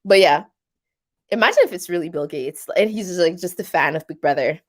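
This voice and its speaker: A woman's voice: on the low side, fairly quick. A woman with a Québécois French accent hosting a casual live stream, chatty and rambling, with many fillers. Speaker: live stream host reading viewer comments.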